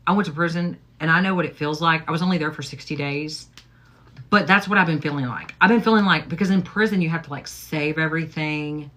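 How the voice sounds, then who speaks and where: A woman's voice: deep voice, a little fast, a bit bright. A middle-aged woman hosting a casual get-ready-with-me livestream, talking in a rambling way with lots of "okay?" and "like". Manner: chatty, rambling, repeats "okay?" and "like". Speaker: livestream host.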